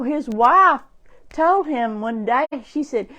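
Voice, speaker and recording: Slow, high-voiced woman preaching. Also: animated, fairly bright tone. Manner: slow, repetitive, rising to emphatic preaching. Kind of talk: informal sermon.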